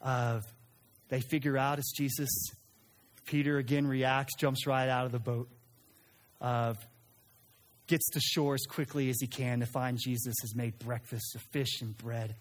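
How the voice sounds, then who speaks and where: A man preaching a sermon in an animated way, acting out quoted lines and sometimes restarting his sentences. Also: medium pitch, measured pace. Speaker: pastor.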